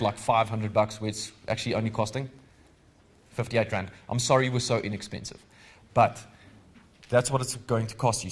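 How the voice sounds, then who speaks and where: South African man running a legal seminar. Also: medium pitch. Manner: conversational, quizzes the audience with rhetorical questions. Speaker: legal trainer. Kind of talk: live training seminar.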